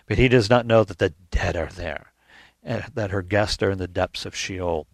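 A man's voice: deep voice, normal speed, gravelly, dry recording. A man preaching a sermon in an earnest teaching tone, reading scripture aloud and often restarting his phrases. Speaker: pastor.

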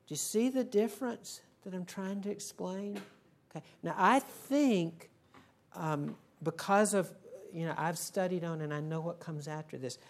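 A woman leading a Bible study, explaining a passage in an unhurried way and checking in with her listeners. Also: deep voice, a little mellow. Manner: unhurried, asks the group "okay?" often. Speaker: Bible teacher.

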